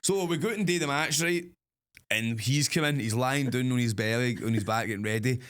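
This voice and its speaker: A young man co-hosting a podcast, telling a story in a casual, animated way, swearing and acting out the action with sound effects. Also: mid-range voice, brisk. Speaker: podcast co-host.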